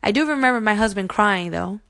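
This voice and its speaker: A woman's voice: medium pitch, expressive, fairly quick, creaky, a bit bright. Heartfelt woman sharing her birth story. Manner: emotional, heartfelt, earnest; addresses viewers directly. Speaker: mom vlogger. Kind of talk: personal storytelling to camera.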